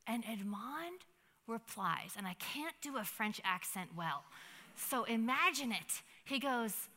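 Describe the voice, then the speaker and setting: A young adult woman giving a devotional Bible teaching in a chatty, animated way, with many fillers and restarts. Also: fairly high pitch, measured pace. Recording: long hall reverb.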